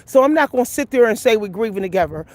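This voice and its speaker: A woman's voice: on the high side, expressive, quick pace, a little mellow, no room sound. A woman talking casually and emphatically to her viewers on a walking vlog, laughing often as she gives advice. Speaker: vlogger giving life advice. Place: outdoors on a walk.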